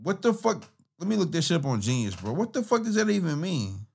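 A man's voice: on the high side, very animated, fairly quick, creaky, darkish tone, husky. A man hosting a podcast, giving casual, profane, rambling commentary on songs and laughing often. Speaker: podcast host reacting to music.

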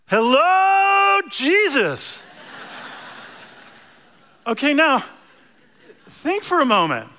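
A man preaching a sermon, telling a story with animated emphasis and asides to the congregation. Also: high voice.

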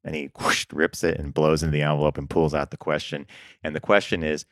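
A man co-hosting a business podcast in casual chat, an animated storyteller who laughs often. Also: extremely low pitch, brisk, dry recording, studio quality. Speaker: podcast co-host.

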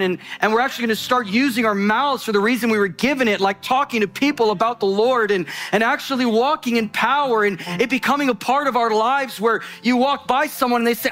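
A man preaching a sermon with passion, swinging between loud urgency and low intensity and rushing in bursts with repeated restarts. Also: faint music behind.

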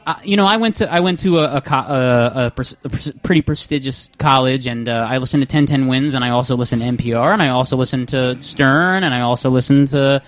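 A young man in his twenties hosting a casual comedy podcast, rambling and swearing with halting restarts. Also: mid-range voice. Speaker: podcast host.

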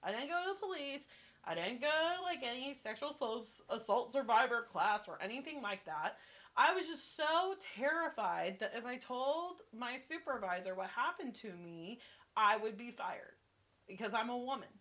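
A woman's voice: a little high, lively intonation, moderate pace, a bit bright. A woman co-hosting a podcast, telling a personal story in a candid, reflective way. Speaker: podcast co-host. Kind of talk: casual chat.

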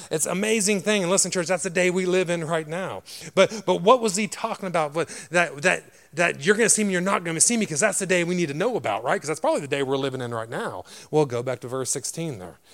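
A man preaches in a church, his voice rough and gravelly and sitting a little high. His sermon rises and falls with animated repetition and frequent amens. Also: quick pace.

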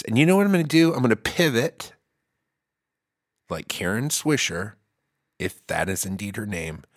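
A man's voice: fairly low pitch, a bit bright, dry recording, studio quality. A man hosting a podcast, rambling through a comedic monologue full of goofy asides and jokey tangents, now and then slipping into an exaggerated country drawl. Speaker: podcast host.

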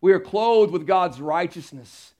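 A man preaching a sermon to his congregation, emphatic, moving between loud declarations and quiet, intimate asides. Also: high-pitched, unhurried. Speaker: pastor. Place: church sanctuary.

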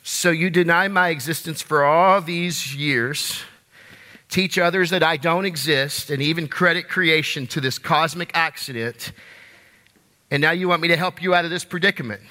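A man's voice: on the high side, moderate pace, pushed and bright. A man doing the solemn voice of God. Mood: stern. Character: booming male voice of God from the sky. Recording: reverberant live church hall.

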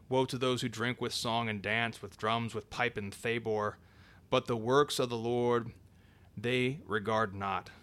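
A man reading an old sermon aloud in a measured, solemn way, dropping his voice for each scripture citation. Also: mid-range voice, a bit bright. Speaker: reader.

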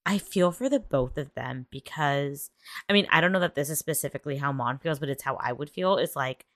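A woman with a deep, low voice chats casually about a series she is recapping. She talks with emphasis and laughs often. The sound is dry, with no room echo. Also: a bit bright. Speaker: podcast co-host.

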